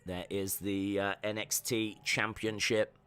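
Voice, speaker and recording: A man's voice: fairly low pitch, flat delivery, measured pace, a bit bright, smooth. A man hosting a live watch-along stream who rambles animatedly and acts out scenes. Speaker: host.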